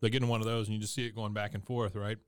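A man's voice: on the low side, little pitch movement, rapid-fire, clean tone, no echo. A man co-hosting a podcast, casually retelling a favorite movie scene with relish. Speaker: podcast co-host. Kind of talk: casual chat.

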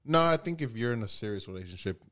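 Sex: man. Role: podcast co-host. Style: casual chat. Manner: agreeable, laid-back, stammers and repeats words. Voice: medium pitch. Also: expressive, fast, a bit bright.

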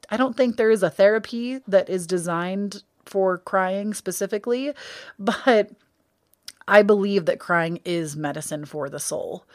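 A woman's voice: on the low side, no room sound, studio quality. Candid rambling woman podcast host. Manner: candid, rambling, self-correcting. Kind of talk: casual spiritual podcast monologue.

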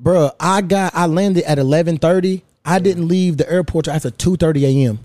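A man in his thirties hosting a casual podcast, telling a story in a lively, profane way. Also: on the high side, a little fast, dry recording. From United States. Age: 30s. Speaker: podcast host.

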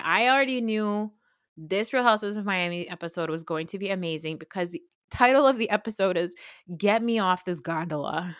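A woman podcast host recapping reality TV in a casual, gossipy, animated way, swearing freely. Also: fairly low pitch, dry recording, studio quality.

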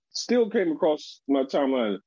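A man on a sports podcast, chatting casually and asking lively questions. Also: fairly high pitch, unhurried, slightly rough, no room sound. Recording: dull, dry lo-fi sound.

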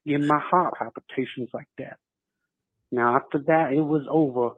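A man's voice: mid-range voice, flat delivery, slow pace, husky, no room sound. A man voicing an exaggerated South Louisiana sports fan with a hammy folksy drawl, on a phone line. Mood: indignant. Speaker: voicemail caller.

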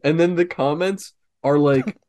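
A man's voice: on the high side, a little slow, darkish tone. A man co-hosting a casual comedy podcast, rambling and swearing, often breaking into helpless giggling fits. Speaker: podcast co-host.

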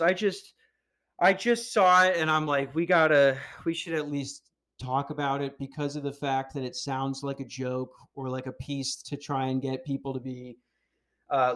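A man hosting a podcast, ranting casually in a heated, profane, animated way. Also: on the high side. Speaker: podcast host.

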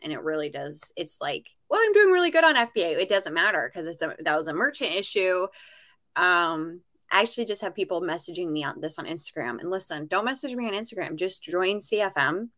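A woman's voice: fairly low pitch, normal speed. A woman co-hosting a casual podcast, telling stories animatedly and acting out what people said. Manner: animated storytelling, acts out quotes. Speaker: podcast co-host, reseller.

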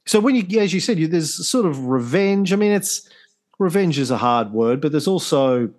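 A man, co-hosting a history podcast, telling it in a casual, halting way with many restarts. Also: on the high side, animated, darkish tone. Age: 50s. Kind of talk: casual conversational storytelling.

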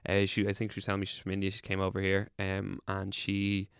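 A man's voice: sits low, completely flat delivery, quick pace, creaky, a bit bright, clear, resonant tone, no room sound, clean studio sound. A young man with an Irish accent telling a long hospital story in casual chat, rambling, swearing freely, and laughing through it.

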